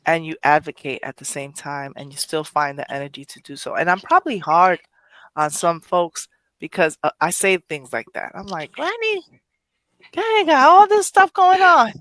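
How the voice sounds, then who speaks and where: A woman's voice: sits low, fairly even intonation, moderate pace, fairly bright tone, no echo. A woman hosting a poetry podcast, speaking emotionally in casual chat, rambling with many restarts and self-corrections. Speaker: poetry show host.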